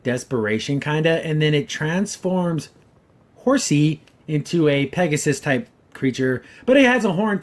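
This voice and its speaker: A man's voice: on the high side, a little mellow. Rambling man reviewing a cartoon. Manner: rambling, hedges often with "kinda" and "like"; wry and critical. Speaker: podcast host reviewing a cartoon episode. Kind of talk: casual spoken review.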